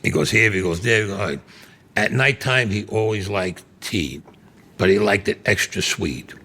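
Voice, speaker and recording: A man's voice: fairly low pitch, lively intonation, normal speed, sharp tone. A man, telling a story bluntly and profanely in an interview. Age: 70s. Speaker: interview guest.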